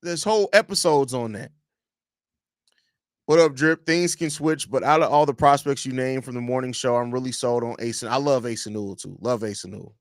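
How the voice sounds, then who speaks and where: A man's voice: medium pitch, normal speed, dry recording, clean studio sound. A man hosting a casual live-stream sports podcast from home, talking loosely on a desk microphone, repeating phrases and reading chat questions aloud. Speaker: podcast host.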